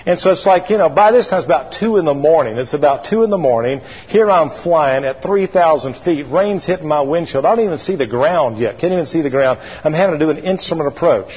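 A man preaches in a somewhat high, husky voice, spinning a folksy story and calling for his congregation to answer him. The sound is dull, with a long reverb from a large church hall. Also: expressive, a little fast, few pauses. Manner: call-and-response with congregation. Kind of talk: sermon. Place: church sanctuary.

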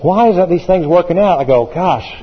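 A man's voice: high-pitched, expressive, a little fast, breathy edge, long reverb tail, lo-fi sound. A man, a pastor, preaching a sermon with emphasis, repeating phrases as he builds.

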